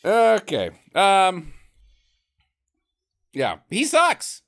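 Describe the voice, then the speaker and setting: A man's voice: high-pitched, huge pitch swings, extremely slow, creaky, a bit bright. A man co-hosting a podcast, recapping a film in casual chat, joking and laughing often. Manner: jokey, laughs often, acts out quotes. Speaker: podcast co-host.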